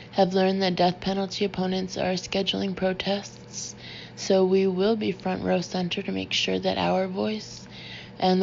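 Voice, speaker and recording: A woman voices a grieving man, calm and controlled, with bitterness under his words. The delivery stays flat in pitch. A faint hiss sits behind a slightly dull audiobook recording. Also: vocal fry.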